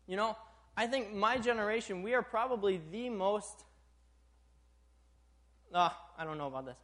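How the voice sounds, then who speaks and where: A young adult man preaching a sermon, animated, chuckling often and checking in with the congregation. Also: sits high, normal speed.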